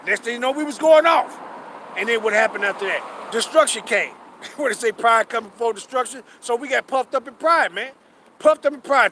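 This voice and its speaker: A man preaching outdoors, emphatic and profane, reading scripture slowly and asking rhetorical questions. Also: extremely high pitch, pushed and bright, a little hiss or hum. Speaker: street preacher. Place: outdoors on a city street.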